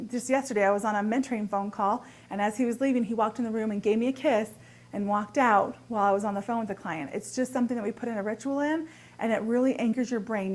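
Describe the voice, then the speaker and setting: Woman, fairly high voice, upbeat, expressive, marriage coach, advice talk to camera. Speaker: marriage and body language coach.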